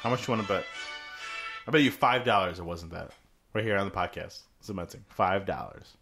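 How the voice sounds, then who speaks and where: A young man co-hosting a casual podcast, swearing freely and getting loud and excited as he talks. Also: low voice, fairly quick, gravelly, soft background music. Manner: profane, animated, loud bursts of laughing excitement. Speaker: podcast co-host.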